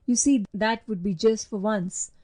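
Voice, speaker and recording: A woman voicing a timid, gentle young boy who speaks softly and wistfully in a storybook reading. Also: mid-range voice, measured pace, lightly acted. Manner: soft and wistful.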